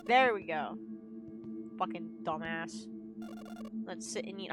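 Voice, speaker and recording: A woman's voice: fairly low pitch, takes it slowly. A young woman streaming a horror game, chatting casually, swearing freely and bursting out when frustrated, with game music playing behind her. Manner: blunt, swears freely, excitable outbursts. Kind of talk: casual gaming stream commentary.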